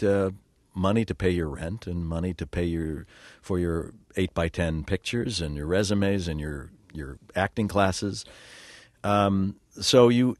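A man's voice: deep voice, a little mellow, no echo, studio quality. An older man, a working actor, telling rambling, self-deprecating stories in a casual interview, with lots of fillers and restarts. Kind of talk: casual interview talk, storytelling.

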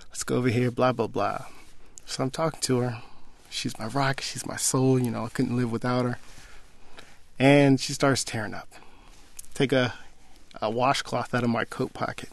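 A young man casually telling a personal story, animated and acting out the quoted dialogue. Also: mid-range voice, moderate pace, vocal fry, long pauses.

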